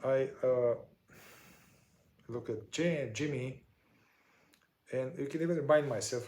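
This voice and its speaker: A man explains a therapy process one step at a time, in no hurry and pausing often to find his words. His voice sits in a middle register. The room around him rings with a noticeable echo. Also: mid-range voice, darkish tone. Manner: unhurried, searching for words with many fillers. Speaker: somatic shadow work teacher.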